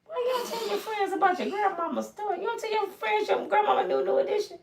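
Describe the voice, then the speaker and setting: A woman's voice: extremely high pitch, fast talker, vocal fry, a crowd in the background. A woman in her fifties casually telling stories to her live viewers from home, acting out the people in them. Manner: animated, acts out voices of people in her stories. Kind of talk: casual storytelling live stream.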